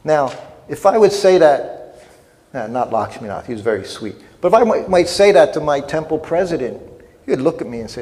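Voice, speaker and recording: In a festival hall with long reverb, an older man gives a storytelling lecture, spinning a funny, self-deprecating tale. His voice is on the high side, very animated, fairly quick, and a little mellow.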